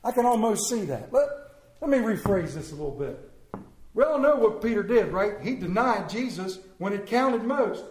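A man preaching a sermon as pastor, emphatic and animated, swinging from loud to hushed. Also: high-pitched, moderate pace, roomy sound, slight background noise, rough recording.

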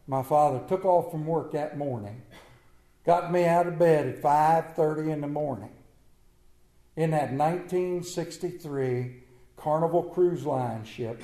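A male preacher telling a comic personal story in a sermon, with animated delivery. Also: on the high side, a little slow. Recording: echoey room.

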